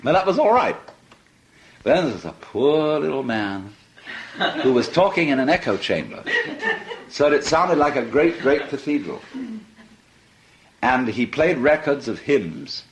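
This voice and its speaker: A man's voice: medium pitch, sing-song, a little slow, long pauses, low-quality recording. An older man giving a conversational philosophical lecture, amused and often breaking into laughter.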